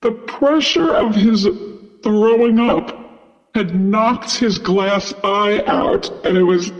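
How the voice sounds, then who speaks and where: Taking his time in a high-pitched voice, a flight attendant chats his way through a casual story, full of "like" and "you know." The sound is dull, with a long reverb tail.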